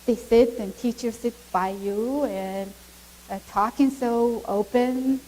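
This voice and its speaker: A woman's voice: a little high, slow, poor audio. Laughing Mongolian-accented woman telling her story. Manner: animated storytelling with frequent laughter. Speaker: guest speaker. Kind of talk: church testimony.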